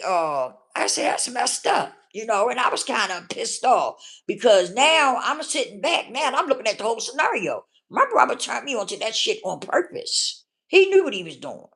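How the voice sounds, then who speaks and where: A woman's voice: on the high side, fairly bright tone. A woman telling her own story in a blunt, casual way, often checking in with the listener. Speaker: vlogger. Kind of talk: candid personal storytelling.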